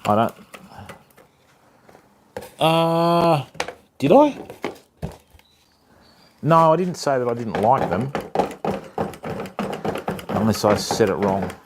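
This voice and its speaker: A man's voice: mid-range voice, slow, long pauses, background noise. Chatty Australian man on a livestream. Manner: chatty, greets viewers by name, calls them mate and fam. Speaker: fishing livestream host. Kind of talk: casual live stream chat.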